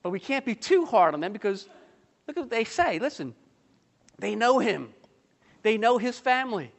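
A man preaching a sermon in a high, light voice that rings out with a long hall reverb. He presses his points with emphatic rhetorical questions to the congregation and slips in light humorous asides. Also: big pitch swings, normal speed. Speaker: pastor.

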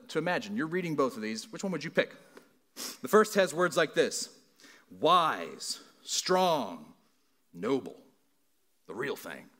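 A man's voice: medium pitch, a bit bright. A man preaching a sermon as pastor, earnest and conversational, building emphasis through repeated phrases and frequent asides to the congregation.

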